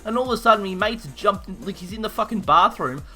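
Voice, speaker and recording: A young Australian man telling a story in a rowdy, profane, animated way. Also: sits high, fast talker, soft background music. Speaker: YouTuber. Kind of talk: casual storytelling while gaming.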